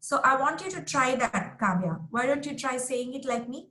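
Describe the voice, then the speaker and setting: A woman's voice: high voice, animated, fast talker, bright, forceful tone. A woman teaching a class over a video call, patiently modelling sentences for her students. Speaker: English teacher. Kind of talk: online class instruction. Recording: roomy echoey sound.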